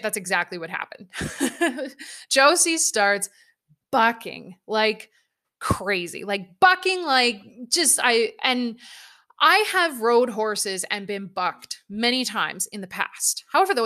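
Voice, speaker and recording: A woman's voice: on the high side, lively intonation, takes it slowly, sharp tone. A young woman telling a casual personal anecdote, candid and self-mocking, swearing freely as she goes. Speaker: storyteller.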